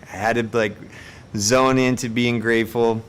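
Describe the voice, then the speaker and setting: Animated man telling funny stories live. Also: medium pitch, a little slow, smooth. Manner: animated, self-mocking, laughs between lines. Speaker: live-stream host. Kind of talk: casual storytelling on a live stream.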